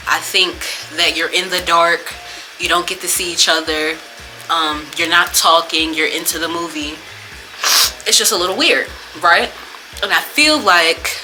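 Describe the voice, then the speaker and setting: A young woman rants to her own camera in a casual vlog, cursing freely as her frustration spills out. Her voice is bright and edged, sitting a touch low for a woman. Faint music plays behind her. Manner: profane, frustrated ranting. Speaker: vlogger.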